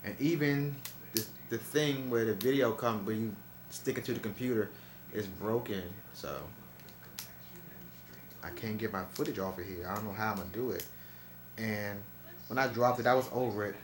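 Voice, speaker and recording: A man's voice: fairly low pitch, normal speed, pauses often, reverberant, slight background noise. A chatty young man, talking casually to camera at home. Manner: chatty, talks straight to viewers. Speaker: vlogger. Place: indoors at home.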